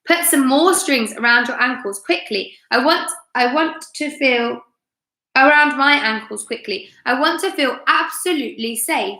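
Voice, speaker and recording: Mrs Twit, a shrill old hag, as a woman reads her. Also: expressive, a little slow, pushed and bright, exaggerated voice. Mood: eager. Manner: high, pleading cries. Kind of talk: storybook read-aloud. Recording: roomy echo.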